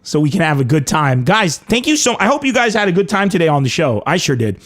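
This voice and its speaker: Brief: young male comedy podcast host, animated swearing storyteller, voice sits a bit high. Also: fast talker. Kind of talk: casual comedic monologue.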